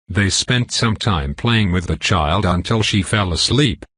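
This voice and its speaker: A man narrating a dark fantasy web novel in a steady, measured storytelling voice. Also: deep voice, husky, no echo, studio quality. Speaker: audiobook narrator.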